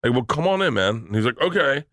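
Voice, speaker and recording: A man's voice: medium pitch, quick pace, no room sound, studio quality. A middle-aged man, a podcast guest, telling stories in casual chat, acting out the voices of people he quotes and swearing freely. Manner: animated storyteller who acts out quoted voices, swears freely.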